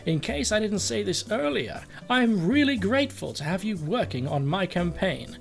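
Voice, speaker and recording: A man voicing a friendly male cat running for president, reading game text aloud with meows dropped in, lively in pitch over faint music. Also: moderate pace, vocal fry. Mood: earnest. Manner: reads cat meows flatly into his lines.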